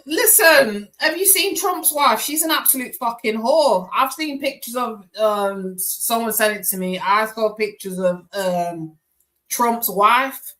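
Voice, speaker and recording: A woman's voice: on the high side, slow pace, a bit bright, low-quality recording. A woman hosting a live tarot stream, chatting casually with viewers by name in slangy, loose talk.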